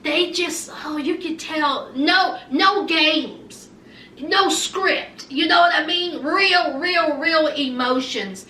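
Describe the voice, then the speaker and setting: Sassy high-voiced woman in an echoey room. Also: takes it slowly, pushed and bright, a little hiss or hum. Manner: chatty, sassy, calls listeners honey and child. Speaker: reality TV recap vlogger. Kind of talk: casual show recap. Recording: roomy echo, mic a bit distant.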